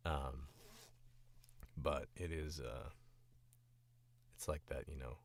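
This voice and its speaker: A man's voice: a bass voice, normal speed, gravelly, long pauses. A man who is a voice actor, feeling sick, chatting casually on a stream in a rambling, filler-heavy way. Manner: rambling, filler-heavy and animated, demoing accents. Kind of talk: casual livestream chat.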